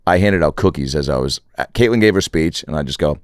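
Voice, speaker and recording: A man's voice: very deep voice, animated, fairly quick, clear, resonant tone, dry recording, studio quality. A man hosting a casual comedic chat, jokey and swearing freely, putting on voices for stories. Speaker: podcast host.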